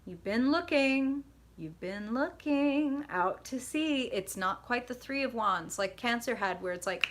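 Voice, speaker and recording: She's a middle-aged tarot reader on a live stream, with a fairly high voice and an unhurried delivery. Her talk is casual, lively, full of swearing and frequent laughs, and there's slight background noise.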